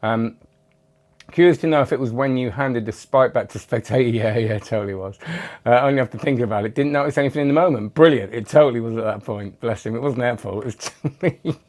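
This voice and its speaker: A man's voice: medium pitch, fast talker, darkish tone. A man hosting a magic channel, chatting casually and rambling as he reads out viewer comments, with self-deprecating asides. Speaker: magic video host.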